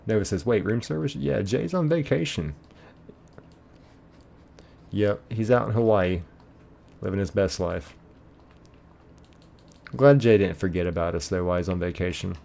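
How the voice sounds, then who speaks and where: A man's voice: on the low side, moderate pace, vocal fry, long pauses, mellow. A man streaming a game, casually reading chat messages aloud, laid-back and chuckling.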